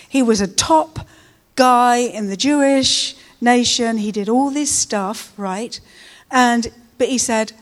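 A woman's voice: a little high, slow pace. Chatty woman preaching. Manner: chatty, with tag questions. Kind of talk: informal sermon.

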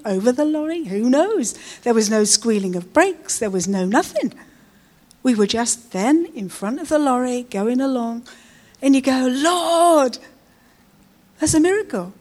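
A woman's voice: sits high, a little mellow. A middle-aged woman giving an informal, chatty sermon, often adding tag questions. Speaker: preacher.

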